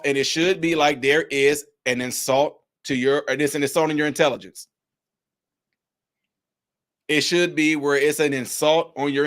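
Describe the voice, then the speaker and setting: A man giving a heated, preachy political commentary vlog, rising at times to shouts. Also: on the high side. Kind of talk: ranting video commentary.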